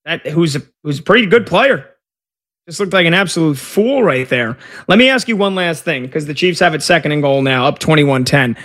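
A man hosts a relaxed sports talk show, chatting freely and reacting to a live game as it plays. His voice sits a little high, and he keeps the talk moving with questions and quick asides.

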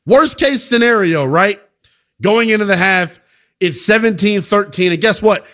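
A fired-up man hosting sports talk radio, his voice sitting a bit high for a man. He hammers his opinions home, then drops into quieter, heavier stretches. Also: unhurried. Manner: emphatic, opinionated, swings from loud to subdued.

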